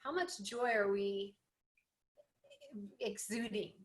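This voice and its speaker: A woman host in a spiritual interview, earnest and affirming. She speaks at a middle pitch in an even, steady way. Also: takes it slowly, rough recording.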